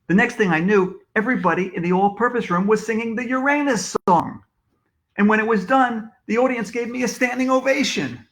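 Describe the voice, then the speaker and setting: A man reads a children's storybook aloud in a lively, expressive way, his voice sitting a little high for a man. An echoey room rings around him. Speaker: author reading his book to children.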